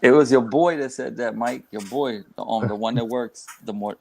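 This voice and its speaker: Male co-host, mid pitch, rough gravelly voice, halting delivery. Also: darkish tone. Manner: hesitant, halting recollection. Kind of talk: casual chat.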